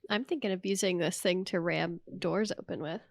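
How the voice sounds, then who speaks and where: A woman's voice: fairly low pitch, normal speed, vocal fry. A woman playing a tabletop game, making playful, jokey suggestions. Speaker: player.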